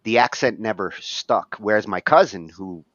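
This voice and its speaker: A man's voice: on the low side, normal speed, a bit bright, no room sound, lo-fi sound. A man whose first language was French, co-hosting a podcast in casual chat, thoughtful and a bit hesitant. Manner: hesitant, restarts and fillers, thoughtful. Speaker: podcast co-host.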